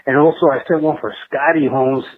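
A man's voice: mid-range voice, fairly even intonation, a little fast, a crowd in the background. Slangy man on a tinny phone line. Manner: slangy, laid-back, peppered with "eh" and "Holmes". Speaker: voicemail caller. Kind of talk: casual voicemail story.

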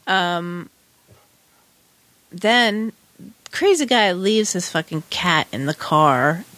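A woman's voice: fairly low pitch, lively intonation, very slow, fairly bright tone, no echo. Wry chatty woman, dry close sound. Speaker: podcast co-host. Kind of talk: casual chat.

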